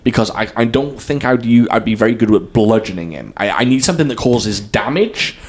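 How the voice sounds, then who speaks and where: Male podcast co-host, animated pitch, chatty and laughing, casual talk. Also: fairly quick, slightly rough. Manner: chatty, laughs easily, lively delivery. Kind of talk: casual chat.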